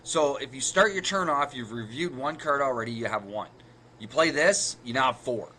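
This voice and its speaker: A man's voice: medium pitch, lively intonation, moderate pace, sharp tone, a little hiss or hum. A man co-hosting a card game podcast, walking through the math of card plays step by step and correcting himself as he goes. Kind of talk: casual explanatory chat.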